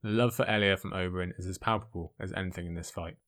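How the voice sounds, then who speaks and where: A man giving an excited commentary on a fantasy book, speaking emphatically between the passages he reads out. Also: low-pitched, fast. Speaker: book reviewer.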